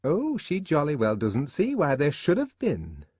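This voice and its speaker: A man voicing Fanny, a gossipy young woman who scolds her friend in a shrill, mocking way. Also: wildly swooping pitch, a little slow, a little mellow, husky, no echo, heavily acted. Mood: scolding.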